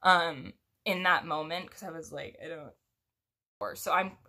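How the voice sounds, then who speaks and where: A woman's voice: on the low side, steady tone, normal speed, vocal fry, sharp tone. Chatty, rambling young woman storyteller. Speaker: storytime vlogger. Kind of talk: casual storytelling.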